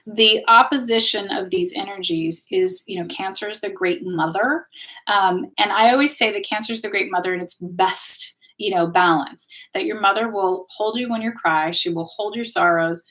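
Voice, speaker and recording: A woman's voice: medium pitch, normal speed. A woman hosting a live astrology and tarot stream, talking casually to her viewers in an encouraging teaching tone and often checking in with them. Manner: chatty, warm-hearted, keeps checking in with viewers ("okay?", "right?").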